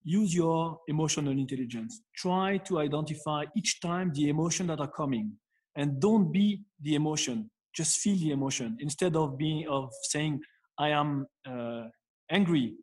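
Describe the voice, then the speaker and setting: A man with a manner giving advice in an interview, speaking haltingly with many fillers and restarts. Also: fairly high pitch, a little mellow, breathy edge. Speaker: guest expert. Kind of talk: interview answer.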